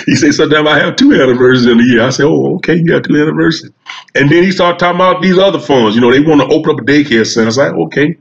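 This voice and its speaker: A man's voice: a little high, quick pace, gravelly. A man telling a long, folksy comic story and acting out the dialogue. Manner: folksy, drawling Southern storytelling with quoted dialogue. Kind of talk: storytelling stand-up monologue. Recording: dull, muffled sound.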